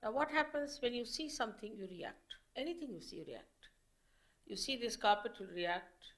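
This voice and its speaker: A woman giving a public spiritual lecture as a teacher, explaining slowly and in measured phrases with pauses. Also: a little high, animated, fairly bright tone.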